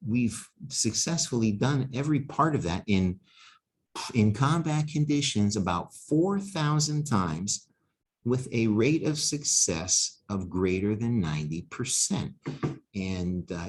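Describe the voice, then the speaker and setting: A man's voice: on the low side, slight background noise. A man, a rocket scientist, giving a humorous lecture full of wry, self-deprecating asides. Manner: energetic storyteller with quick bursts and drawn-out emphasis.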